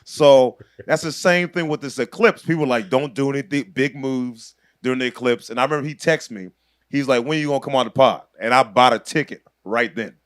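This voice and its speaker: A man's voice: mid-range voice, fairly quick, dry recording, clean studio sound. A man in his thirties, a comedian guest on a podcast, telling a story with lots of energy, acting out the people in it and laughing as he goes. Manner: acts out other people's voices, laughs through the story.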